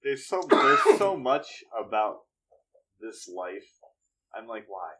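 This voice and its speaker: A man's voice: on the low side, sing-song, slow, a bit bright, rough recording. A man from northeastern Pennsylvania in casual chat, musing and trailing off with fillers.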